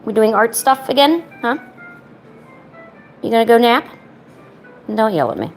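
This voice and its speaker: A woman's voice: fairly high pitch, sing-song, unhurried, soft background music. A woman chatting casually at home while painting, slipping into playful baby talk with her cats and teasing them. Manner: teasing, chatty, laid-back. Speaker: art streamer.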